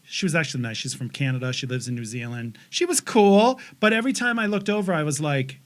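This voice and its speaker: A man's voice: on the high side, expressive, fast talker. A man in his forties co-hosting a podcast, telling a profane story in casual chat and putting on voices for the people in it. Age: 40s. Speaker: podcast co-host.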